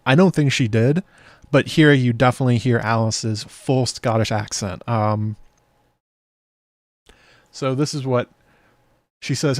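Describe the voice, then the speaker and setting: A man hosting a casual show breakdown, talking it through out loud with fillers and restarts as he reads comments from a live chat. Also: medium pitch, measured pace, long pauses, dry recording. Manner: chatty, thinking aloud with fillers and restarts. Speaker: show host.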